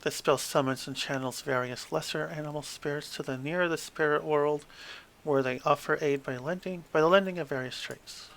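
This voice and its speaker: A man's voice: on the high side, normal speed, fairly bright tone. A man flipping through a tabletop game book, reading passages aloud with wry asides and stumbling over hard words.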